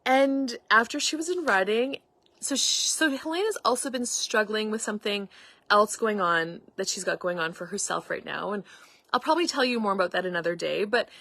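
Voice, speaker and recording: A woman's voice: medium pitch, normal speed, pushed and bright, no echo, clean studio sound. A middle-aged woman host telling a story in a casual, meandering way, acting out quoted dialogue. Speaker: podcast host and facilitator.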